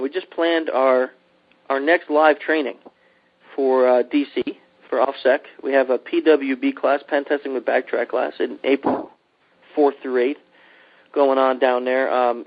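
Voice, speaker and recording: A man from Pennsylvania hosts a casual podcast chat. He tells his story with animated energy and acts out the voices of the people in it. The sound is slightly muffled and lo-fi. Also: mid-range voice. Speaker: podcast host. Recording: dull lo-fi podcast audio.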